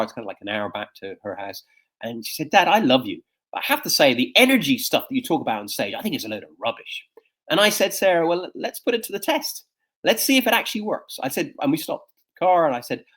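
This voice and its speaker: A man in his fifties, a coach and speaker, has a mid-range voice with a breathy edge. In a conversational interview he tells personal stories animatedly, full of fillers and restarts.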